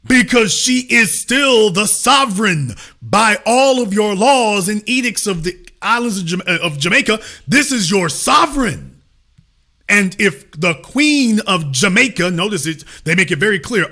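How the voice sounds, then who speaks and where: A man's voice: sits high, expressive, measured pace, pushed and bright. A middle-aged man hosting a political commentary show, talking in an emphatic, sarcastic preaching cadence.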